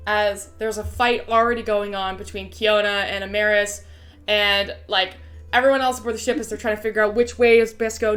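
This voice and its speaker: A woman's voice: mid-range voice, little pitch movement, fairly quick, fairly bright tone, faint music behind. A woman narrating as game master in a casual, swearing, laughing tone.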